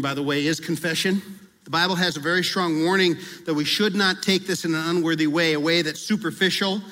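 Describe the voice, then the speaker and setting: A man's voice: high voice, fairly bright tone, big-room sound. A male pastor preaching in a conversational way, acting out prayers and confessions as he talks. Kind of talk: sermon.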